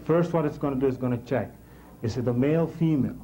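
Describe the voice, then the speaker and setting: A man teaching a technical class in a classroom, halting and repeating words as he explains and checking in with the class. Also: mid-range voice, mellow, slight background noise, low-quality recording. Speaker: instructor.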